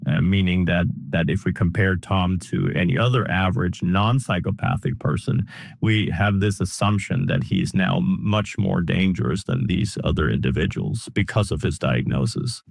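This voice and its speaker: A man's voice: sits low, moderate pace, vocal fry, breathy edge, no echo, clean studio sound. A man giving an interview, explaining a concept methodically with small restarts.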